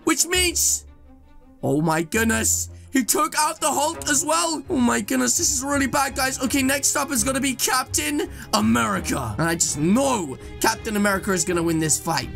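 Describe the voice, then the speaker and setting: A young male YouTuber calls a game fight in an excited rush, his viewers always in his ear. His voice sits high and sharp, leaps all over the place, and has a bit of fry at the bottom. Soft music plays behind him. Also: moderate pace. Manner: hyped, exclamatory, addresses viewers as guys. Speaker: gaming YouTuber. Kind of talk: excited gameplay commentary.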